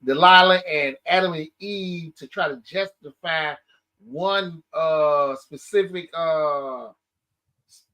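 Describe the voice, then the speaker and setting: A man co-hosting a podcast, speaking in halting, indignant casual chat with restarts. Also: on the high side, bright, forceful tone. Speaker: podcast co-host.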